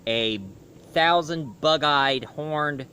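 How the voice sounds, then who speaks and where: A man giving a casual video review, talking haltingly with frequent restarts and self-corrections. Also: on the high side, pushed and bright, slight background noise.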